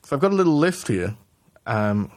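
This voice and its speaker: A man co-hosting a casual political podcast, talking in halting restarts and swearing as he builds his argument. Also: medium pitch, big pitch swings, no echo, clean studio sound. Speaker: podcast co-host.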